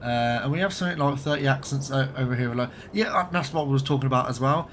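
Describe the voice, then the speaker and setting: This Birmingham man, with a light Birmingham accent, chats casually and swears now and then while streaming a game live. He speaks fast at a medium pitch with a slightly bright tone. There's a bit of background noise.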